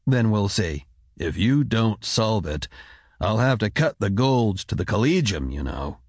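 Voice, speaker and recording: A man's voice: fairly low pitch, sing-song, a little slow, no echo. A man voicing a stern, demanding ruler who speaks curtly and coldly. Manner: curt, commanding.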